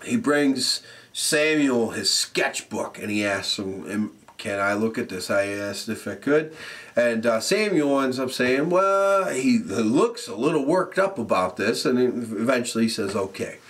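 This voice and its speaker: Profane, animated man recapping. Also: medium pitch, a little slow. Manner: profane, animated, laughs often. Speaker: wrestling show reviewer. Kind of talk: casual recap.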